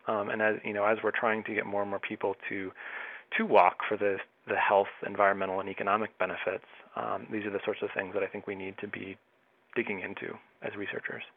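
A male planning researcher answering questions in a measured way, with some fillers, over a phone line. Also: fairly low pitch, little pitch movement, creaky. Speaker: researcher, assistant professor of planning. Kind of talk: phone interview.

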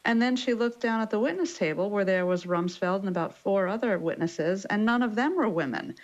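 A female newspaper correspondent talks through politics during a radio news interview, calm and explanatory with the occasional filler. Her voice sits at a medium pitch, and the recording sounds muffled.

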